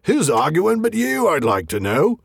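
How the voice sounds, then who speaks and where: A man voicing a touchy, squabbling male troll in a storybook reading, bickering in a shrill voice. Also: wildly swooping pitch, moderate pace, gravelly, husky, dry recording, exaggerated voice. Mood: indignant.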